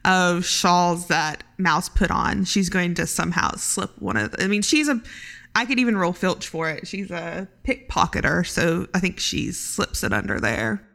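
A woman's voice: on the low side, lively intonation, moderate pace, gravelly, fairly bright tone. Chatty young woman playing a tabletop game. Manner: chatty, giggly, full of fillers. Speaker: player. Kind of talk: tabletop role-play, casual.

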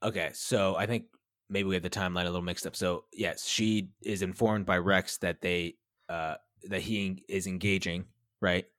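A man's voice: sits low, fairly even intonation, moderate pace, fairly bright tone, no room sound, studio quality. A man co-hosting a podcast, recapping a TV episode in a rambling, casual chat, swearing now and then. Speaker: podcast co-host.

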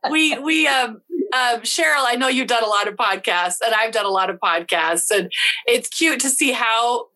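Giggly woman podcast host from utah, bright kinda high voice, chatty and rambly, video call sound. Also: normal speed, poor audio. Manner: giggly, rambling, self-deprecating. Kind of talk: casual interview chat.

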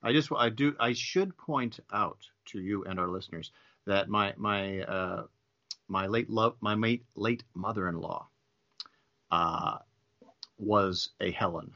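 A man with a low, tense and forceful voice guests on a casual podcast. He speaks haltingly and keeps searching for the right word. The sound is dull and lo-fi.

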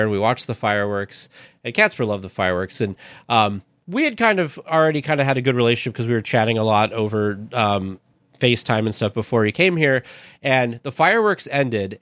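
Man, podcast host, earnest storyteller, mid-pitched voice, dry close sound. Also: a bit bright, smooth, no echo. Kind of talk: casual podcast chat.

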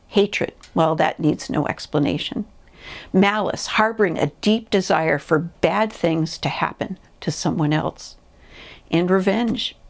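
A woman preaching a sermon in an earnest, measured way, reading scripture and a story aloud. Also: lowish voice, vocal fry. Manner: earnest, measured teaching with pauses.

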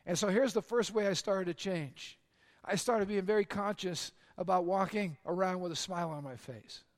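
High-voiced earnest preaching man. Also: moderate pace. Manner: earnest storytelling preacher, drops low and quiet for confessions, lifts for punchlines. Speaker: pastor. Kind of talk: sermon.

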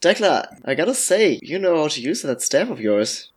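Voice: mid-range voice, sing-song, moderate pace, husky. Nervous young male mage, played by a player, stammering, hesitant. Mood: friendly.

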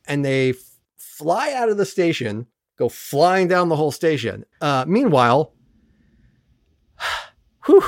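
A podcast host races through an episode recap in a casual, sarcastic tone, swearing and doing quick mimicry of characters. Their pitch swings widely and stays lively throughout. The recording is close and dry. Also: no echo.

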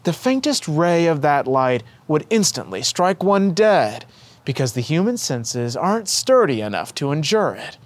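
A man voicing a gentle, affectionate young boy saint who speaks earnestly and kindly to an old friend. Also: a little high, big pitch swings, unhurried.

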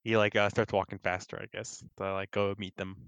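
Man, tabletop player, relaxed joking, lowish voice, dry close sound. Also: a little fast, clear, resonant tone, no echo. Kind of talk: tabletop role-play chat.

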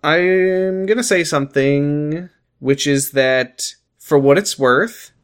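A man's voice: fairly high pitch, slow, smooth. A man co-hosting a casual recap chat, telling the story animatedly and slipping into character voices, swearing casually. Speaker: podcast co-host recapping a TV episode.

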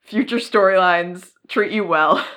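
A woman co-hosting a podcast in casual chat, laughing often and filling pauses with ums. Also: lowish voice, a bit bright. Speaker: podcast co-host.

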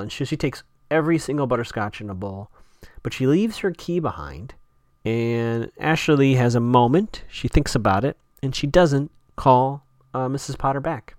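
A man's voice: medium pitch, no room sound, studio quality. A man hosting a podcast, casually recapping a TV episode in a rambling, chatty way with lots of fillers and self-corrections.

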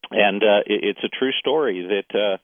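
A man's voice: lowish voice, normal speed, no room sound. A man casually telling a personal story as a guest, acting out what others said to him. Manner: animated storyteller, quotes others in dialogue. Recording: tinny phone-like line.

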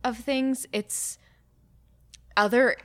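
A woman's voice: on the high side, steady tone, very slow, fairly bright tone. A woman hosting a casual chat, easygoing and thinking aloud with many fillers.

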